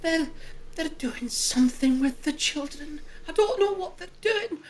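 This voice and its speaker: A woman's voice: high-pitched, expressive, a little slow, rough recording. A woman voicing a distraught Scottish village mother who pleads for help and drops to fearful whispers. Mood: fearful whispering. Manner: frantic, tearful, dropping to fearful whispers.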